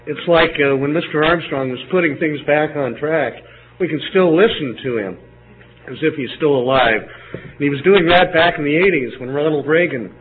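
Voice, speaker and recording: An older man delivering a sermon in a somewhat high voice, pausing often with uh and restarting his phrases. The recording is narrow and phone-like, with a faint hiss underneath. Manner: halting, many uh fillers and restarts. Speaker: preacher.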